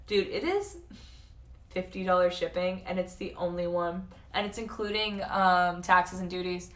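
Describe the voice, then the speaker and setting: A woman's voice: mid-range voice, recorded from a distance. Young woman, streamer, rambling chat full of swearing and filler "like", voice worn thin, set back from the mic. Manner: chatty, swears a lot, says "like" constantly. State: losing her voice. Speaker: livestreamer.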